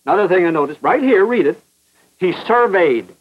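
A man's voice: high voice, expressive, a little fast, breathy edge. A man preaching a fervent sermon, hammering his points with repetition and rhetorical questions. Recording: muffled old radio broadcast.

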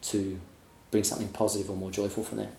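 Animated man telling a story, echoey. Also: on the low side, quick pace, gravelly. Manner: animated, laughing anecdote-teller. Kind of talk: casual storytelling in a group chat.

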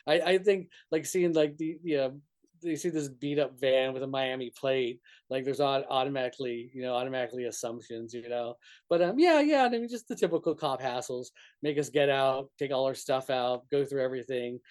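A man's voice: medium pitch, brisk, darkish tone. A man from northern New Mexico, a touring musician, telling road stories in a rambling way full of "like" and restarts, laughing often. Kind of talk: casual storytelling interview.

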